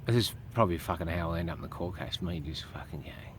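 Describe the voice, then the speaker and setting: Australian man, vlogger rant, fiery and foul-mouthed, lowish voice. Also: fast talker, hardly any pauses, heavy background noise. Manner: indignant, swears heavily. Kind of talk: profane ranting monologue.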